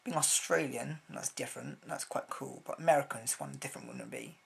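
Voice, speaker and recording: A man's voice: mid-range voice, very animated, brisk, vocal fry, slight background noise. A man from Britain, rambling through a casual opinion vlog with blunt words and lots of hesitations. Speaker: vlogger.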